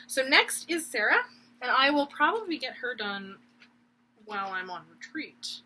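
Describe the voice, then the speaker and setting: A woman's voice: fairly high pitch, very animated, unhurried, pauses often, pushed and bright, slight background noise, low-quality recording. A young woman, chatting casually and rambling with giggles about her stitching projects at home. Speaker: cross-stitch vlogger. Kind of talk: casual chat.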